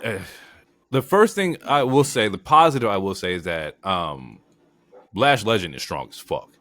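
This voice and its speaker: Low-voiced guy cohosting a wrestling podcast, cussing a lot, dry close sound. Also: moderate pace, no room sound. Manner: profane, animated opinions with frequent fillers. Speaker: podcast co-host. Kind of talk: casual wrestling recap chat.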